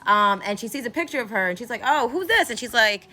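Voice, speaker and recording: A woman talks through a TV episode in a loose, rambling way, full of fillers and self-corrections. She keeps breaking into quick acted-out quotes with big jumps in pitch. Her voice is bright and clear. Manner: animated, acts out characters' lines with big pitch jumps. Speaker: cultural commentary host. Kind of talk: casual recap and commentary.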